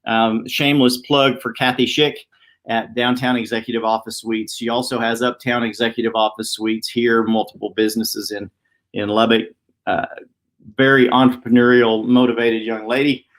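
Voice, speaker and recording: Man host, quick chatty motivational live-stream talk, mid-pitched, office setting. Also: level tone, fairly bright tone. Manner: fast-talking, upbeat, chatty. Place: downtown office.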